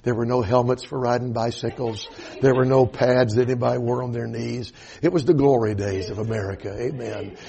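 A man's voice: medium pitch, steady tone, brisk, gravelly, hardly any pauses, mellow. An older man from the Atlanta area with a Southern US accent, preaching a sermon in a folksy storytelling way and dropping in amens.

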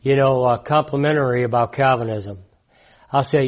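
A man in his sixties preaching in a conversational, emphatic way, repeating his key points and swinging from loud to hushed. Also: mid-range voice, normal speed, highs cut off. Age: 60s. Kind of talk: conversational sermon testimony.

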